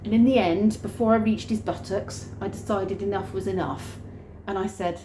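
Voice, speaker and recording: Woman vlogger, storyteller, acts out scenes, mellow voice, roomy echo. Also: medium pitch, fairly even intonation, normal speed, a little hiss or hum. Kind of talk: animated storytelling vlog. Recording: roomy room with faint ambience.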